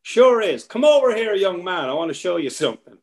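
A man's voice: sits high, sing-song, brisk, a little mellow, pitched above the performer's own voice. An irishman putting on a hollering old american rancher. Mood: bossy, folksy. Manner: hollering, drawling folksy commands. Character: loud older male American ranch owner, folksy and bossy.

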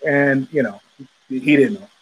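A man hosting a podcast, telling a story in a loose, animated way and acting out the voices of the people in it. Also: medium pitch, normal speed, husky, rough recording. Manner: animated, profane, acts out quoted voices. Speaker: podcast host. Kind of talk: casual storytelling monologue. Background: child heard in the background.

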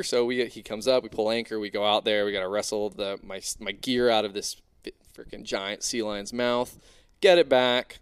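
A young man casually telling an animated, excitable diving story, full of fillers. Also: fairly low pitch, brisk, clean tone. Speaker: spearfishing diver guest.

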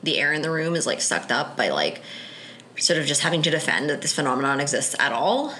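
A woman co-hosting a podcast in casual, chatty conversation, relaxed and full of fillers. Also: low voice, fast, a little hiss or hum. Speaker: podcast co-host.

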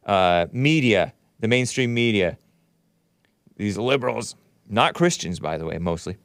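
A man's voice: lowish voice, expressive, a little slow, clear, resonant tone, no room sound, clean studio sound. A man hosting a livestream show, reading viewer chats aloud and giving blunt, opinionated commentary as he thinks aloud.

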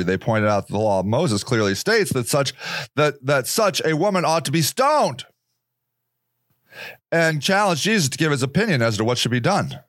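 A man's voice: medium pitch, no room sound, clean studio sound. A man hosting a casual solo podcast, rambling sarcastically and mocking other people's voices. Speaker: podcast host.

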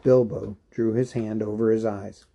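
A man reading a novel aloud in a measured, even storytelling manner. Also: fairly low pitch, dull audio. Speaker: audiobook reader.

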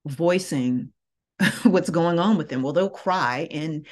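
A woman who teaches yoga, talking through her thoughts slowly and reflectively, with many pauses. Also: low voice. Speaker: yoga teacher and podcast host. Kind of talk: reflective solo podcast talk.

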